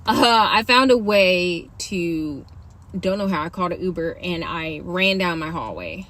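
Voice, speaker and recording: A young woman telling her own story in a candid, animated, slangy way, speaking casually to camera. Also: on the low side, unhurried. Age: young adult.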